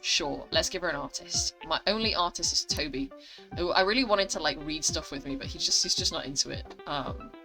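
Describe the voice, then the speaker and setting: A woman's voice: low voice, fairly quick, sharp tone, faint music behind, poor audio. An English woman casually chatting through a mobile story game, with chatty, self-deprecating asides. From England. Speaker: gaming channel host. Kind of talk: casual let's-play commentary.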